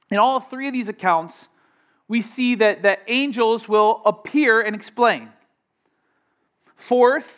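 A male pastor preaching a sermon, energetic and playful, with strong emphasis and jokes for the congregation. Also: very high voice, dull audio.

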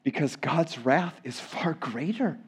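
A male pastor preaching a sermon to a church congregation, swinging from loud emphatic lines to hushed ones. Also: a little high, lively intonation, slow pace, breathy edge. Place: church sanctuary.

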